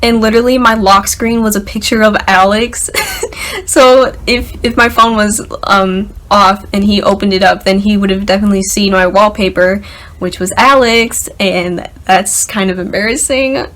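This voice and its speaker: A young woman vlogger telling a story to the camera in an excited, chatty way, packed with "like" and "literally". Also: medium pitch, normal speed. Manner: excited, filler-heavy, lots of "like" and "literally".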